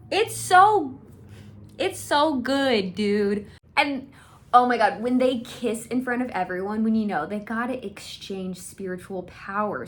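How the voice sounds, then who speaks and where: A young woman gushing in a casual fan rant. She is excitable and swears freely. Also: mid-range voice. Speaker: video creator.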